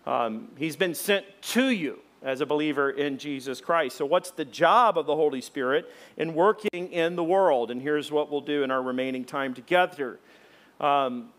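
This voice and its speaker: A middle-aged pastor preaches in a church, his slightly raised voice folksy and conversational. He drops into loud, acted-out quotes whenever he tells a story. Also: fairly high pitch. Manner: animated storyteller, acts out loud shouted quotes; folksy, conversational, many fillers. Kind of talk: sermon with personal stories. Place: church sanctuary before a congregation.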